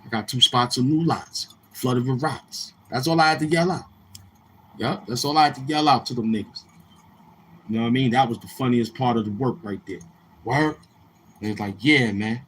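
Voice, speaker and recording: A man's voice: medium pitch, fairly quick, long pauses, slight background noise. A man from Brooklyn, telling loose, repetitive stories on his livestream and acting out other people's lines. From Brooklyn, New York. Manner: loose, repetitive street talk with quoted dialogue. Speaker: livestream host. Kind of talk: rambling storytelling on a livestream.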